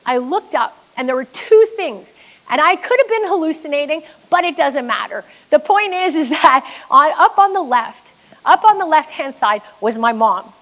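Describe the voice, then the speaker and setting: A high-pitched woman from Canada delivering a motivational keynote. She tells her story emphatically and bluntly, with the occasional curse, in the voice of a business coach. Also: a bit bright, rough recording.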